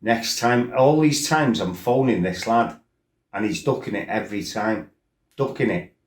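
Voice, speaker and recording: A middle-aged man with a somewhat low voice tells stories from his past in a blunt, rambling way, often stopping to check that the listener is following. His voice bounces around a roomy space, which gives it a noticeable echo. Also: a little slow. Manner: blunt and rambling, with frequent "you know" and "right?". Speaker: former kickboxer telling his life story. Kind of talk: casual spoken storytelling.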